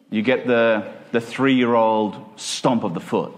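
A man's voice: medium pitch, slow, hardly any pauses. An Australian man preaching a sermon in a conversational way, full of rhetorical questions and acted-out examples.

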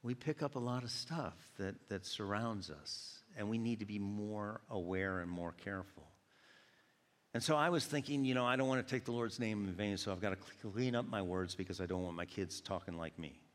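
A man from Georgia preaching a sermon, telling animated stories and acting out quoted voices. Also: fairly low pitch, moderate pace. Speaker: pastor. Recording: long hall reverb.

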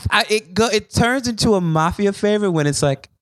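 A man hosting a podcast in casual chat, laughing often and jumping up in pitch when excited. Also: moderate pace, no echo, clean studio sound. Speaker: podcast host.

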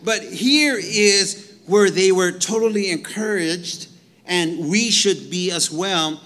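A man in the pulpit preaches with animated energy, his voice sitting a little high for a man. He slows right down to read scripture aloud, then speeds back up to talk straight to the congregation. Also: long reverb tail. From Mexican heritage. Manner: animated preaching, reads scripture slowly, asks "right?" to the crowd. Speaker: pastor. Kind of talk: sermon.

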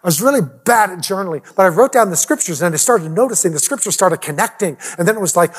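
A middle-aged man, a pastor, telling a personal story in a lively way, at times dropping almost to a whisper. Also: high-pitched, quick pace, few pauses, husky. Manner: animated, drops to near whispers.

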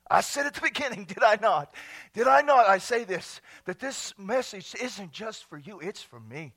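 High, gravelly, bright-voiced preacher man. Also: big pitch swings, moderate pace. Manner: loud, laughing, swinging between shouting and near-whispering. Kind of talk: charismatic sermon. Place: church sanctuary.

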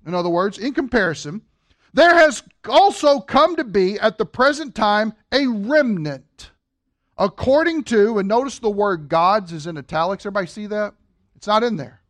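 A man's voice: high-pitched, fairly bright tone. A man preaching a sermon, working through a scripture passage with rhetorical questions and humorous asides. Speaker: pastor.

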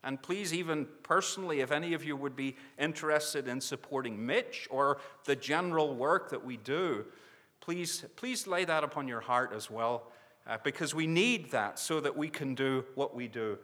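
A man's voice: medium pitch, normal speed, a bit bright, big-room sound. A man making an earnest mission appeal from the pulpit, pleading with the listeners again and again for prayer and support. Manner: earnest, urging with repeated pleas. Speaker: mission society speaker. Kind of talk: sermon appeal.

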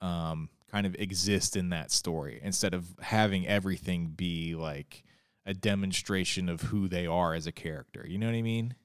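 A man co-hosting a casual podcast about a TV show, animated and jokey, sometimes slipping into silly voices. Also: deep voice, moderate pace, smooth, no echo, clean studio sound. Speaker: podcast co-host. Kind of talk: casual TV discussion.

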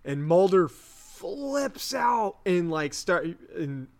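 Young guy going through the plot slowly, lots of ums, kinda high voice. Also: big pitch swings. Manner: rambling, unsure, with many fillers. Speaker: podcast co-host. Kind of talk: casual episode recap.

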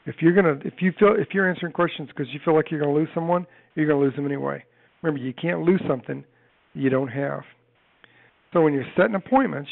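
A man giving a brisk, emphatic sales training talk, working through tips one by one. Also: fairly high pitch, gravelly. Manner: brisk, emphatic list-driven coaching. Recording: tinny phone-like band.

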